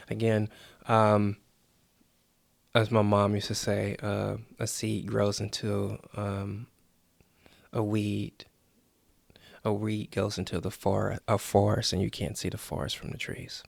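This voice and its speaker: A man's voice: lowish voice, vocal fry, no echo. A man hosting a motivational podcast, coaching earnestly and acting out the inner voices people hear. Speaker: podcast host.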